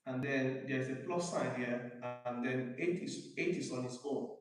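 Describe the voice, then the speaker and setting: A man with a Nigerian accent teaching a live math lesson, repeating each definition slowly and quizzing his student. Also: medium pitch, soft background music. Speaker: math tutor. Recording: very echoey room, mic far off.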